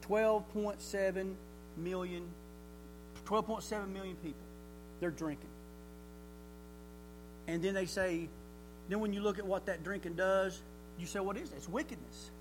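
A man's voice: high-pitched, steady tone, a little slow, pauses often, background noise. A man preaching a sermon in a folksy way, asking rhetorical questions and chuckling often.

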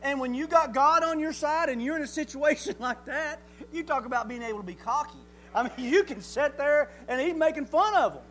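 Male preacher, very high voice, folksy and animated, faint hum behind. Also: a little fast, hardly any pauses, poor audio. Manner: folksy, animated storytelling, rises to near shouting. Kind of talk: sermon.

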